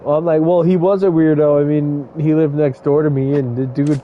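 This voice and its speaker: A man's voice: fairly high pitch, flat delivery, a little fast, dull audio, slight background noise. A man casually commenting on a game he plays, rambling into crude, joking stories. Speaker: gaming streamer. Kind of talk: casual let's-play commentary.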